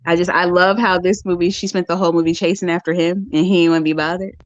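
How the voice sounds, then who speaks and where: A woman's voice: on the low side, flat delivery, fast, no echo, lo-fi sound. A woman recapping a horror movie in casual, slangy storytelling, acting out the characters' lines. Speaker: podcast host.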